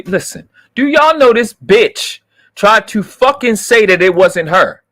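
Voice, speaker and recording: A man's voice: dry recording, studio quality. Profane, fired-up man ranting on a livestream. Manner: profane, swings from low muttering to loud outbursts. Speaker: livestream host. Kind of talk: heated livestream rant.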